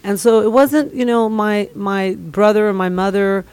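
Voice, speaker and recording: A woman's voice: medium pitch, steady tone, measured pace, a little mellow, clear, resonant tone. A middle-aged woman from the Middle East telling a long personal testimonial in an earnest, rambling way. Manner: earnest, rambling, many fillers. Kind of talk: casual storytelling.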